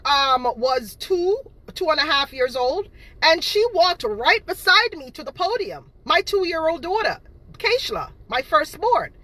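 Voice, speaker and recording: A woman's voice: high-pitched, sharp tone, no echo, low-quality recording. A woman, ranting to camera about her cake business and her critics with indignant, repetitive emphasis. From Boston, Massachusetts. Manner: indignant, emphatic, repeats herself. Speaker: home cake seller. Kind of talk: direct-to-camera rant.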